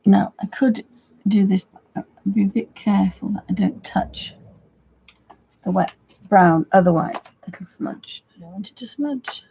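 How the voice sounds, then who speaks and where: A woman's voice: mid-range voice, measured pace, creaky, dark tone, highs cut off, slight background noise. A woman chatting casually as she walks through a coloring tutorial at home, rambling a little as she works. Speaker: craft video host.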